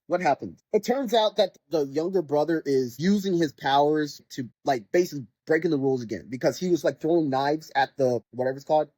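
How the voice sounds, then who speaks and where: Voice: mid-range voice, warm tone, no room sound. A podcast host rambling through an exasperated casual rant, reviewing a video game and packed with filler words. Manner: sarcastic mock voices when quoting characters.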